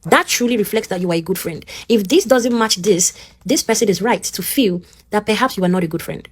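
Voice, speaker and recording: Woman, Nigerian English accent, motivational teaching talk, earnest and direct, checks in with listener, middle pitch. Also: a little fast, breathy edge.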